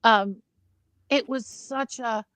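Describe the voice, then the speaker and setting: A woman's voice: a little high, slow, fairly bright tone, dry recording. An American woman chatting casually about a film, hesitant with many ums and restarts. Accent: General American. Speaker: film review panelist.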